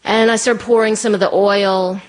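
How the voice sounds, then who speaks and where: A woman telling a personal story as a monologue, animated and acting out the voices of the people in it. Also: medium pitch, normal speed.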